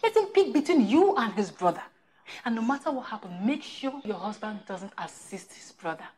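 An actress playing a scheming friend with a Nigerian accent who gives conspiratorial advice. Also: female voice, fairly high pitch, big pitch swings, normal speed, darkish tone, slight background noise. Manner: conspiratorial, insinuating. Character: scheming gossip friend giving bad advice.

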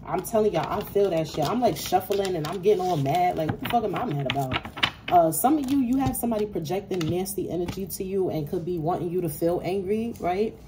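A woman's voice: lowish voice, brisk, background noise. A woman giving a casual tarot reading to her viewers, talking bluntly and swearing freely. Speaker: tarot reader.

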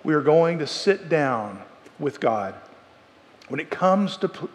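An earnest male preacher delivering a sermon, his voice sitting somewhat high for a man. He often restarts phrases and leans hard into quoted lines. A long reverb trails from the church sanctuary. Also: big pitch swings, slow.

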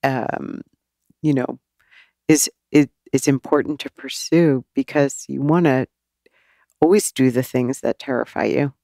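A woman in her sixties, a teacher and author talking as a podcast guest in an animated, casual way. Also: rumbling low, measured pace, creaky, no echo, clean studio sound. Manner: animated, acts out quoted voices and laughs often.

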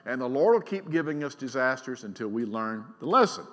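A middle-aged man preaching a sermon as pastor. He is emphatic, swings between loud and quiet, and keeps asking the congregation questions. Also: medium pitch, lively intonation, moderate pace, hardly any pauses. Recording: long reverb of a large church hall.

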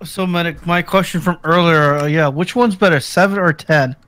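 A woman's voice: on the low side, moderate pace, fairly bright tone. A woman chatting with friends over a call while they play a game, teasing them with dry banter. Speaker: friend playing along on a call. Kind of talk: casual gaming chat with friends.

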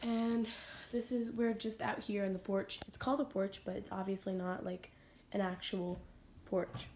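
A woman's voice: medium pitch, flat delivery, normal speed, a little mellow, slight background noise. A young woman vlogging casually into a phone camera, rambling and chatty with lots of fillers. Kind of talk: casual vlog chat. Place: outdoors on a porch at night.

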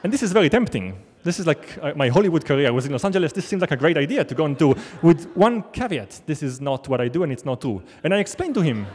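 A man's voice: on the high side, sing-song, fast, hardly any pauses, darkish tone. Wry male storyteller on stage. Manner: wry, self-deprecating, conversational. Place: large theater stage. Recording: long theater hall reverb.

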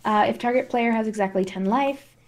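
A woman's voice: on the high side, fairly quick. A woman co-hosting a casual podcast, asking questions and chiming in with short acknowledgements. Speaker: podcast co-host. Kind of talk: casual chat about tabletop game world-building.

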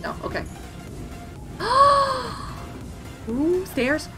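A young woman streaming gameplay, excitable and giggly as she exclaims over what she finds. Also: extremely high pitch, extremely slow. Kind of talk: live gameplay commentary. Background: game music.

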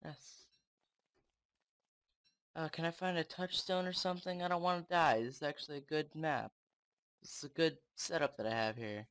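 A young man commenting on his own game play, excitable and swearing often, talking to the game. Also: on the high side, brisk, clean tone. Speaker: gamer.

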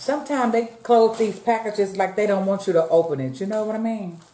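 In a brisk, dark-toned voice of medium pitch, the eating-show vlogger keeps up friendly chatter with "y'all" watching. She eats between lines, and the room echoes.

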